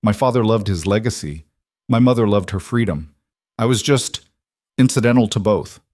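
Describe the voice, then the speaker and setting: A man voicing a vulnerable woman executive who speaks softly and tearfully, in a dry recording. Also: lowish voice, moderate pace, no room sound, lightly acted. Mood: tender. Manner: soft, tearful.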